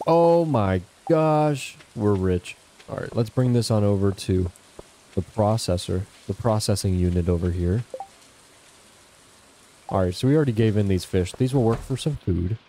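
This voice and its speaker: A man's voice: on the low side, moderate pace, pauses often, mellow. A young man talking casually to his viewers while playing a farming game at home. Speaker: gaming channel host. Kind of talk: casual gameplay commentary. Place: home, indoors.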